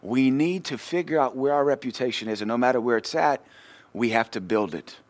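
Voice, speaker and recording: A male pastor, preaching a sermon and telling a personal story in a lively way, swinging between loud and quiet. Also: mid-range voice, brisk.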